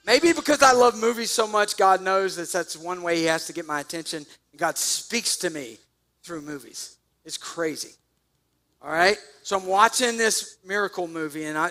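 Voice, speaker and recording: Man preaching, high voice, bright tone, animated storytelling, sudden loud bursts. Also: measured pace. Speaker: pastor. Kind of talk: sermon.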